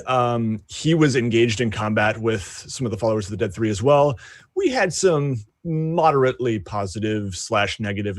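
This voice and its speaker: A man playing in a tabletop game, recapping the story with many pauses and fillers. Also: mid-range voice, no room sound, clean studio sound. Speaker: player. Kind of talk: casual tabletop game chat.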